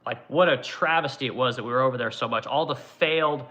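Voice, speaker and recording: A man's voice: medium pitch, fast, bright, forceful tone. A man streaming a profane, aggressive political rant, mocking the people he argues against.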